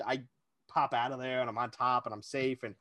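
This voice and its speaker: A man's voice: medium pitch, steady tone, brisk, sharp tone, dry recording. A man co-hosting a casual chat, telling a long self-deprecating story with lots of energy. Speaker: podcast co-host.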